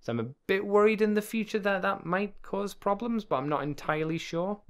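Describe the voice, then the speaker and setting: A man's voice: high-pitched, fairly quick, fairly bright tone. A man co-hosting a casual podcast, rambling along, swearing easily and chuckling often. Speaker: podcast co-host. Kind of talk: casual chat.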